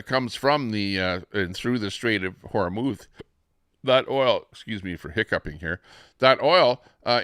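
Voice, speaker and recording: A man's voice: on the low side, a bit bright, smooth, dry recording, studio quality. A man hosting a livestream, rambling through casual commentary with plenty of fillers and restarts. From Canada. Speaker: livestream host. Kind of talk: casual live-stream commentary.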